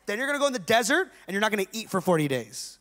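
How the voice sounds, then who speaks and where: A man's voice: high-pitched, very animated, rapid-fire, a bit bright. A man voicing God the Father as a breezy, matter-of-fact planner in a comic sermon bit. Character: breezy male God the Father laying out plans.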